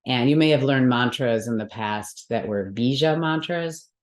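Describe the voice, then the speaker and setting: Speaking at a moderate pace with an extremely low pitch, a woman teaches a Sanskrit mantra workshop. She patiently explains the rules step by step and regularly checks in with her students, in a roomy room with lots of echo.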